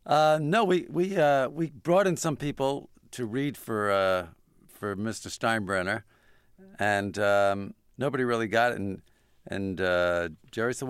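A man's voice: lowish voice, normal speed, smooth, no echo, studio quality. A man as an interview guest, telling anecdotes in a wry way and often restarting his sentences. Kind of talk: interview storytelling.

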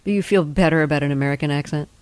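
An interviewer asking measured questions and reading a clear setup for a scene. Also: mid-range voice, no room sound. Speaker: interviewer host.

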